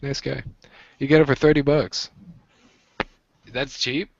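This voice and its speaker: A man's voice: medium pitch, flat delivery, a little slow, creaky, dry recording, lo-fi sound. A man from the United States hosting a livestream, joking and rambling in casual group chat. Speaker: livestream host.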